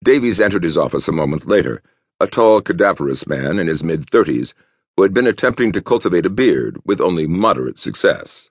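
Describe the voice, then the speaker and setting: Deep gravelly male narrator. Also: very animated, normal speed, no echo, studio quality. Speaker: audiobook narrator. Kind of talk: scripted narration.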